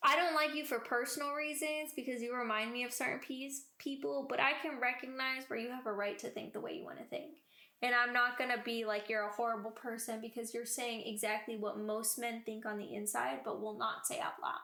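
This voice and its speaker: Brisk and a little high-pitched, a podcast co-host chats casually, telling stories and animatedly acting out what people said. The sound is reverberant.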